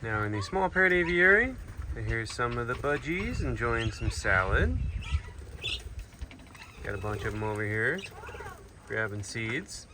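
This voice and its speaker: A man of medium pitch and big pitch swings talks to his animals with affection, unhurried and with long pauses, in a casual chat to camera. He's an animal keeper vlogger outdoors among pens and aviaries, and outdoor noise and animal sounds are audible.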